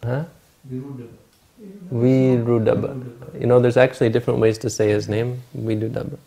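A man's voice: mid-range voice, flat delivery, fast talker, dark tone. A man retelling a Buddhist scripture story in a talk, informal and searching aloud for words and names.

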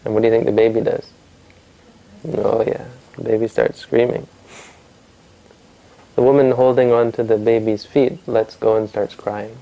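Gravelly man telling a story to listeners. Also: fairly low pitch, level tone, normal speed, pauses often, lo-fi sound. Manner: conversational, asks the listeners questions, frequent restarts. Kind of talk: storytelling to a family audience.

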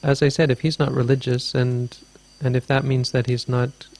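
A man's voice: medium pitch, flat delivery, normal speed, gravelly, a little mellow. A man teaching as a Buddhist teacher, answering a question in a dharma talk with meandering, thoughtful storytelling.

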